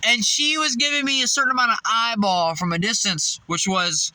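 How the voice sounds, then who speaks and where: A man's voice: very high voice, moderate pace, few pauses, bright, forceful tone, no room sound, rough recording. A man telling a casual, profane story about coworkers, laughing often and acting out their voices. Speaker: fast-food worker venting.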